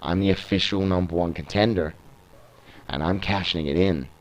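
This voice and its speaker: British man reading an arrogant, sneering wrestler with a low voice. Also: normal speed, a little hiss or hum, lightly acted. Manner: sneering, boastful. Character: smug, arrogant male wrestling contender.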